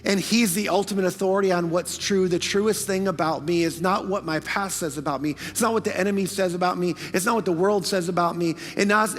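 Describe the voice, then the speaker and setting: High-voiced pastor preaching in a hall. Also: male voice. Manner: preaching with swings from hushed to fervent, rapid asides. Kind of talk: sermon. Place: church sanctuary.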